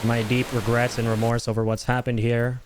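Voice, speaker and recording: A man's voice: mid-range voice, flat delivery, moderate pace, noisy background. A man streaming a game, chatting casually with jokes and mock-serious asides, rambling and restarting his sentences. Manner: joking, ironic, rambling with restarts. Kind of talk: casual gameplay commentary.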